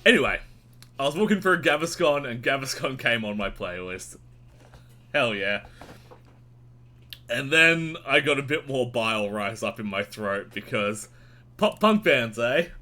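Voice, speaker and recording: A man reviewing new albums in a casual, rambling and sweary way, with sudden jumps in pitch. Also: sing-song, measured pace, long pauses, sharp tone. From Australia. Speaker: music reviewer. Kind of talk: casual monthly album roundup.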